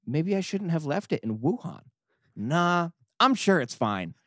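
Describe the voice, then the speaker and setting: A man's voice: fairly high pitch, very animated, measured pace, a bit bright, no echo, clean studio sound, pitched above the performer's own voice, exaggerated voice. A man reading as a whiny, lonely God. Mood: smug. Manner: melodramatic, whiny. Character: self-pitying male God writing a diary. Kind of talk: reading a comic diary aloud.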